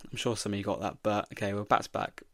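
A man's voice: on the low side, fairly even intonation, fast, fairly bright tone, dry recording, studio quality. A young man, hosting a solo football podcast, reading quiz questions aloud and talking his way through his guesses. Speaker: podcast host.

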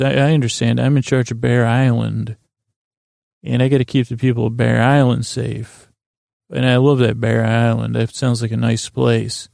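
A man's voice: medium pitch, vocal fry, a little mellow, no echo, clean studio sound. A man casually recapping a TV episode in a meandering way, full of fillers and restarts. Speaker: podcast host recapping a TV episode.

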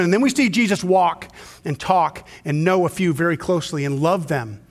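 A male pastor preaching a sermon, swinging from hushed, slow storytelling to loud, intense emphasis. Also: high-pitched. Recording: long hall reverb.

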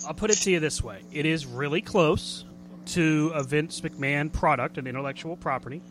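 A man with a fairly high, slightly bright voice hosts a wrestling radio show at normal speed, with a little background noise behind him. His casual chat is jokey and rambling, and he laughs easily.

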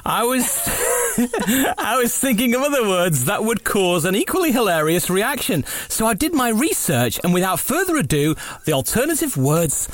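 A man's voice: high voice, big pitch swings. A man co-hosting a casual chat show, reading listener emails aloud and giggling through rude word lists. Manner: giggly, bursts into fast mock race commentary. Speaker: podcast co-host.

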